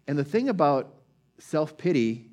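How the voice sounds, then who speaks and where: In an unhurried, very animated delivery, a preacher with a fairly high, slightly mellow voice retells a Bible story during a casual sermon. He talks informally, with lots of fillers and false starts.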